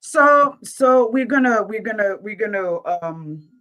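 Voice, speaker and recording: Woman moderating a live stream, bright and sharp-toned, keeps stalling on her words. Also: medium pitch, animated. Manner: hesitant, halting. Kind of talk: live online talk show.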